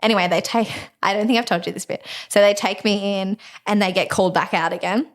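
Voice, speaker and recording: A woman's voice: mid-range voice, steady tone, fast. A woman, co-hosting a podcast and telling a story in casual chat, laughing often. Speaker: podcast co-host.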